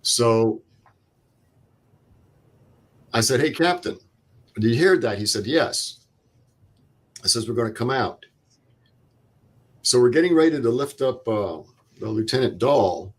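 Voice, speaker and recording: A man's voice: mid-range voice, animated, unhurried, pauses often, breathy edge. An older man, a veteran guest, telling a vivid step-by-step war story and acting out the dialogue. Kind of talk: interview storytelling.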